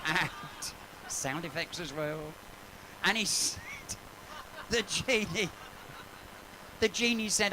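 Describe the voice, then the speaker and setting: A man's voice: high-pitched, expressive, takes it slowly, pauses often, background noise. A man doing live bawdy comic patter in a pub, camp and gossipy, and he swears freely. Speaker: cabaret comedian and singer. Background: piano accompaniment.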